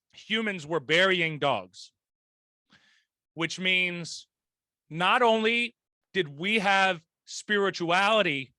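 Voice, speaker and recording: A man's voice: high-pitched, bright, forceful tone, dry recording. A man hosting a casual podcast chat, rambling, laughing often and restarting his sentences. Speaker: podcast host.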